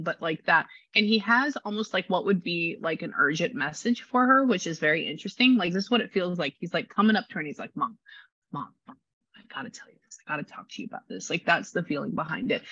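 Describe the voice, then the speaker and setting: A woman leads a casual reading session, talking in a bright, tense, excitable way and circling back on herself. Her voice is crisp in the highs, but the recording sounds dull and completely dry. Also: no room sound. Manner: animated, rambling, exclamatory. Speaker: psychic medium.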